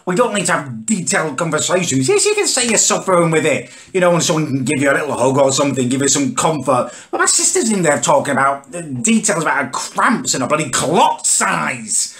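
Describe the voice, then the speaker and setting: A man's voice: fairly high pitch, sing-song, a little fast, hardly any pauses, fairly bright tone, slight background noise. A man, ranting indignantly in a comedic monologue. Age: 30s. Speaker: comedic vlogger. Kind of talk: comedic rant to camera.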